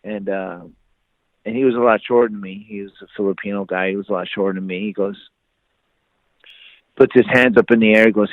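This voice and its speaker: A man's voice: lowish voice, fairly even intonation, a little fast, pauses often, no echo. A man in his forties, a podcast guest, telling a story in a casual interview and acting out the voices of the people in it. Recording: dry phone-like line.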